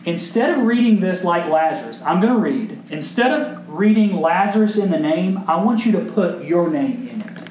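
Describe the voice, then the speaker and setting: A high-pitched, animated man preaches at a moderate pace with few pauses, his voice a little mellow. As pastor, he addresses the congregation with emphatic rises and questions to the room; the church sanctuary sounds echoey, with faint noise in the background.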